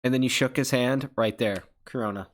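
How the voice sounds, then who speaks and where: A man's voice: medium pitch, brisk. A man hosting a casual livestream, rambling through chat questions with profane joking accusations. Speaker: channel host.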